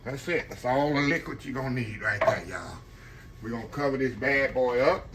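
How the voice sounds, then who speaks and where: A man's voice: mid-range voice, moderate pace. Folksy man cooking in a noisy kitchen. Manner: folksy, chatty, keeps addressing viewers as y'all. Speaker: cooking channel host. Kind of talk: casual cooking demonstration. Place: home kitchen.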